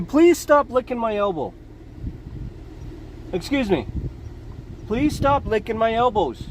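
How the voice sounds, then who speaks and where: A Canadian man vlogs from inside his truck, trading stories and dad jokes in a folksy, chuckling manner and saying "you know" often. His voice is extremely high with lively intonation, and he speaks slowly with frequent pauses over slight background noise.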